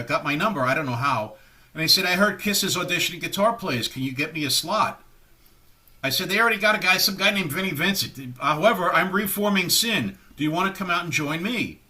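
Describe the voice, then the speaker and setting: A man's voice: a little high, sharp tone. A man in his sixties, a guest musician in an interview, telling long rambling stories and acting out the voices of people he quotes. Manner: rambling storyteller who acts out quoted voices. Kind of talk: anecdotal storytelling interview.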